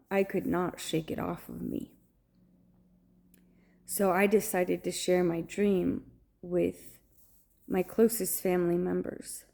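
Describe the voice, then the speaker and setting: A woman vlogger recounting a dream to camera in an earnest, halting way, often pausing to search for words. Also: medium pitch, gravelly, dark tone. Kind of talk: personal storytelling to camera.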